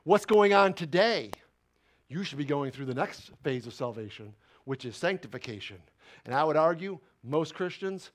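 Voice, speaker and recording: A male pastor preaching a sermon with fervent bursts of loud emphasis that drop into quiet asides. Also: high-pitched. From Italian heritage.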